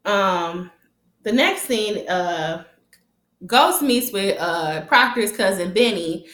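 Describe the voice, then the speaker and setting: A woman recapping a TV episode casually, animated and profane, and often breaking into laughter. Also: mid-range voice, slow pace, reverberant. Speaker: TV recap vlogger.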